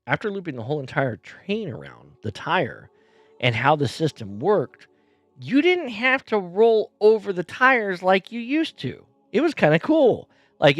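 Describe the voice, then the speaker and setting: Guy rambling thru a road story at home, dry close sound, soft music under it. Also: medium pitch, no room sound. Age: adult, has kids. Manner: rambling, animated retelling with repeated restarts. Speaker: podcast host. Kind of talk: casual storytelling monologue. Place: bedroom at home.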